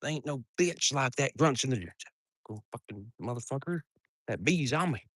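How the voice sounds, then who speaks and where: A man's voice: mid-range voice, animated, moderate pace, fairly bright tone, no room sound, clean studio sound. A man who hosts a farm livestream, chatting casually, joking and swearing while he does chores outdoors. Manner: profane, joking and rambling. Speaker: farmer and livestream host.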